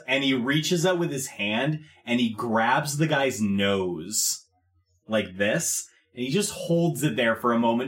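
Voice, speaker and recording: A man's voice: mid-range voice, animated, a little slow, echoey room. A man narrating as game master, casual and hesitant, with frequent fillers.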